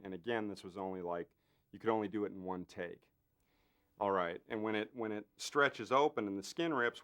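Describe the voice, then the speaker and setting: Animated male effects artist telling stories. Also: lowish voice. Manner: animated, full of fillers, acts out other people's lines. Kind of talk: anecdotal interview storytelling.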